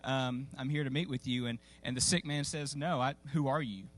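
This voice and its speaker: A pastor in a church sanctuary tells a story during his sermon in a mid-range voice, with a steady tone and normal speed. His delivery is folksy and conversational, with many fillers and restarts.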